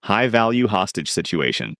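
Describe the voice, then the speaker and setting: A man doing a gruff, skeptical detective. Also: on the low side, big pitch swings, moderate pace, a bit bright, dry recording, clean studio sound.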